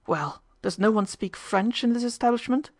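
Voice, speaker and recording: A woman's voice: on the high side, animated, moderate pace, darkish tone, no echo, clean studio sound, pitched above the performer's own voice. A woman voicing a cheerful, condescending French army officer in an audiobook. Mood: jovial. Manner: jovial, condescending.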